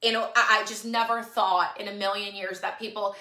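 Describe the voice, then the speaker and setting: A woman's voice: medium pitch, flat delivery, brisk, bright, forceful tone. A woman talking earnestly and tearfully to her followers on a live stream, pleading and repeating herself. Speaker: livestream host. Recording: echoey room.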